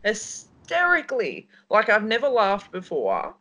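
A woman's voice: lowish voice, very animated, moderate pace, crowd noise. A woman co-hosting a casual radio talk show, telling a story in a rambling way. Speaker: co-host.

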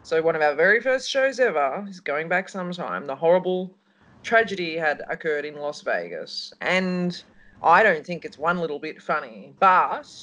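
A woman's voice: low-pitched, a bit bright. A woman co-hosts a casual radio-style talk show. She rambles through a story, and her voice rises and falls a lot. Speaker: co-host.

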